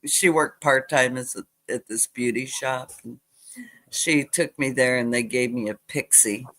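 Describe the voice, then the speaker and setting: An older woman telling childhood stories in a casual chat, animated as she retells them. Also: extremely low pitch, measured pace. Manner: animated retelling with acted quotes. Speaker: guest.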